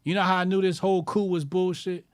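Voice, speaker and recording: A fairly high-voiced man rants on his call-in show with mockery and constant swearing. He hammers his points home by repeating lines. The sound is close and dry, with no room around it. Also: flat delivery, fast, smooth, dry recording. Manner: loud, profane, mocking, repeats lines for emphasis. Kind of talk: profane ranting commentary.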